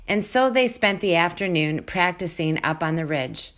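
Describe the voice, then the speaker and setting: A woman's voice: lowish voice, animated, moderate pace, hardly any pauses, a bit bright. Woman reading a children's story aloud. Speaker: storybook reader.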